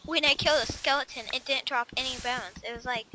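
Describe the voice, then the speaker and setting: A high-pitched young female voice chats and giggles her way through a co-op game, rambling with fillers and side stories. A steady hiss of noise sits under her homemade mic recording. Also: fast talker. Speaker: video game let's-play host. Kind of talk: casual gaming chat.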